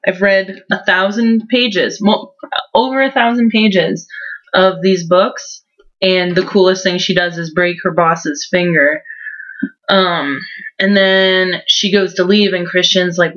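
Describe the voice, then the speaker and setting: A woman's voice: lowish voice, a little slow, fairly bright tone. A young woman in her twenties giving a mocking, casual book recap, full of sarcasm and "like". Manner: mocking, sarcastic, heavy use of "like". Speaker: book reviewer vlogger. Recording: dull lo-fi home recording.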